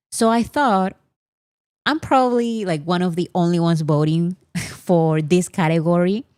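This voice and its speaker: A woman's voice: lowish voice, warm tone, no room sound, studio quality. A woman hosting a casual livestream, chatting in an opinionated way with many fillers. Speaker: livestream host.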